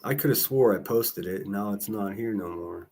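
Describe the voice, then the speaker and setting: A man's voice: on the low side, moderate pace, vocal fry, darkish tone. A man, livestreaming in casual chat, rambling with profane jokes and asides.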